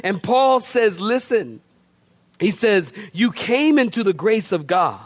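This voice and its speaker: A middle-aged male pastor preaching a storytelling sermon, animated and colloquial, with laughing asides and repeated words. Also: sits high, slow pace, no echo. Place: church.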